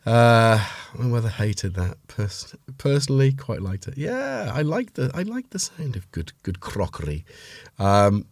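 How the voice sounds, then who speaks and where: Chatty North Welsh man, lively pitch. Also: a little slow, no echo. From North Wales. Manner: rambling, chatty, reading out viewer names. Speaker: host. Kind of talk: casual livestream chat.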